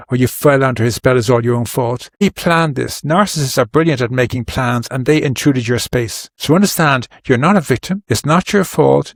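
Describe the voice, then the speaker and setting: An earnest, middle-aged man talks through advice in a loose, rambling way, often restarting his sentences. His voice sits in an ordinary middle pitch. The sound is dry and close, with no room echo. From Ireland. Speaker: podcast guest. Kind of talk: casual advice talk.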